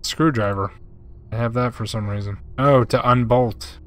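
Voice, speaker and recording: Speaking at a moderate pace in a medium pitch, a young man streams a game and reads chat messages out loud as he comments on the gameplay. His manner is relaxed and chatty, with plenty of "bro."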